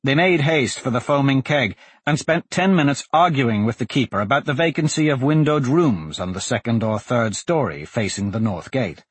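A man narrating a story as an audiobook reader, expressive and voicing each character. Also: medium pitch, moderate pace, hardly any pauses, breathy edge, no room sound. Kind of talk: scripted narration.

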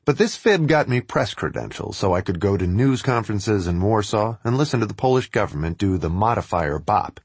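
Man, wry storytelling read, husky voice, animated pitch, close and dry. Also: brisk, hardly any pauses, no room sound. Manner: wry, sardonic. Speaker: writer reading his own travel piece. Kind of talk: first-person narration read aloud.

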